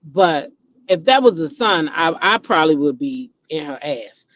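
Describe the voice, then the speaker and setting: Animated gossiping woman, dull lo-fi sound. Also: sits low, normal speed, dry recording. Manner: animated, repeats names, exclaims dramatically. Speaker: host. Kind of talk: casual gossip chat. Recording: dull lo-fi recording.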